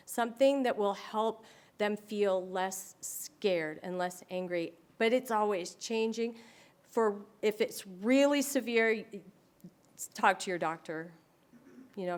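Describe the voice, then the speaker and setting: A woman presenting to an audience, telling stories animatedly and acting out other people's voices. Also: medium pitch. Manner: animated storyteller who acts out quoted voices. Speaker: speaker on dementia care.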